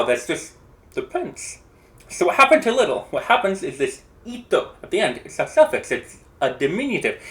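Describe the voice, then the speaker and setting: Chatty language explainer, pitch jumps all over, thinks out loud and hedges a lot. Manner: thinks aloud, hedges and restarts, animated. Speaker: language video creator. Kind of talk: casual educational explainer.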